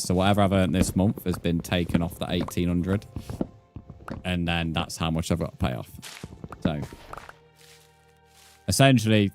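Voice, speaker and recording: Low-voiced sweary British lad streaming. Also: male voice, a little mellow. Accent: British English. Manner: sweary, blunt, mock-outraged banter. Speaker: game streamer. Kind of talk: live-stream gameplay chat.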